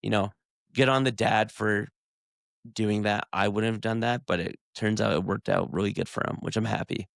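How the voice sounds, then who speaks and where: A man's voice: fairly low pitch, fairly even intonation, moderate pace, creaky, a bit bright, no room sound, clean studio sound. A man co-hosting a podcast in laid-back casual chat, retelling clips. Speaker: podcast co-host.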